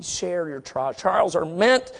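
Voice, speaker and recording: A middle-aged man delivers a sermon in a high, gravelly voice. He moves between quiet, slow scripture reading and forceful, emphatic exhortation. His delivery is dynamic and earnest. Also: sing-song. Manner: dynamic, swinging from soft to emphatic; reads scripture aloud slowly. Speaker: preacher.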